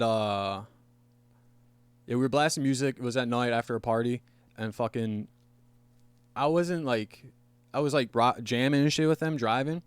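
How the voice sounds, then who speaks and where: A man's voice: medium pitch, clean tone, no echo. Male podcast host, casual rambling storyteller, swears freely, dry close sound. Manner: rambling, profane, laughing at his own story. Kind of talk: casual storytelling among friends.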